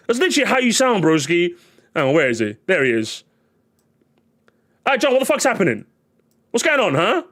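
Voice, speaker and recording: Male streamer, high voice, lively swooping pitch, excitable and sweary. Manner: animated, excitable, swears a lot, repeats himself. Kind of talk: casual live-stream rant.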